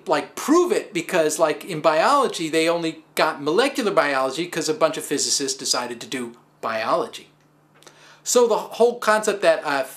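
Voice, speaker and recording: A man hosting a stand-up style physics talk, telling stories with wry, animated asides and self-deprecating humor. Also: fairly high pitch. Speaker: host.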